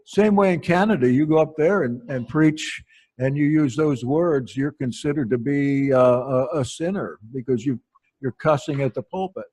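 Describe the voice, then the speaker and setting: A pastor telling wry, anecdotal stories from the pulpit in an unhurried way. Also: male voice, mid-range voice, a little mellow, breathy edge. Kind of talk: storytelling sermon.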